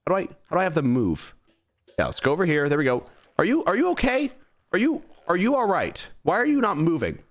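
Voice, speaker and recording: A man's voice: high-pitched, sing-song, fast. A young man streaming a game, animatedly bossing his creatures around as he plays. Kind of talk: live gameplay commentary.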